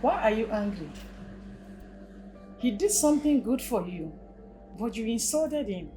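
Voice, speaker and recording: A woman's voice: on the high side, expressive, a little slow, warm tone, soft background music. An actress with a Nigerian accent playing a blunt young friend who scolds her. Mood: scolding. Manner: scolding, preachy. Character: frank young female friend, scolding and honest.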